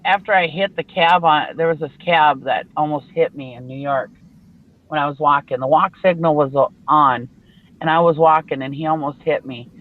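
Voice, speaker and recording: A woman's voice: deep voice, moderate pace, phone-quality sound, a little hiss or hum. A woman from Minnesota chatting bluntly on a video call, telling stories with frequent laughter. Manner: blunt, chatty storyteller who laughs often. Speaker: live show regular. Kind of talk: casual chat. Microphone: online video call.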